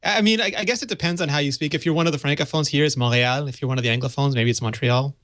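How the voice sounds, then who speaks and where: A man from Canada on a tech podcast, explaining things quickly and clearly. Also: a little high, animated, fairly bright tone, dry recording. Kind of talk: casual tech chat.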